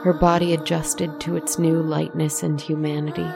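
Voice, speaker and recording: Low, gravelly woman telling a slow story. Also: level tone. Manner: slow, hushed storytelling with asides to the listener. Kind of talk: scripted story narration. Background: faint music.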